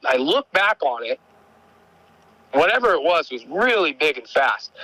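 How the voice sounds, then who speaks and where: A man's voice: fairly high pitch, no room sound, rough recording. A man calling in to tell a story in casual, rambling speech, restarting his sentences often and growing urgent as the events unfold. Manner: rambling, halting, with frequent restarts and fillers; grows excited and urgent as the story builds. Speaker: caller telling an encounter story.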